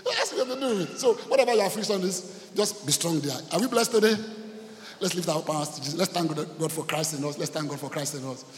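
Nigerian pastor guy preaching, high voice, big echoey church hall, repeats lines for the crowd to answer. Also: brisk, slight background noise. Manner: rhythmic call-and-response preaching with emphatic repetition. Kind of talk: sermon. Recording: echoey hall with long reverb.

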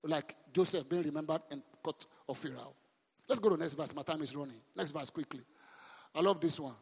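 A man preaching a sermon as a pastor. He speaks with lively emphasis, throws questions at the congregation and breaks into sudden shouts. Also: on the high side, brisk, gravelly, slightly rough. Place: church hall. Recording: long reverb of a large hall.

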